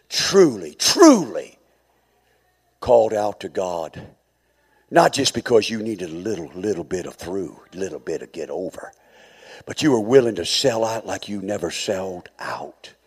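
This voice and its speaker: A man preaching a sermon as pastor, swinging from quiet, low passages to high, shouted calls. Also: big pitch swings, a little slow, breathy edge.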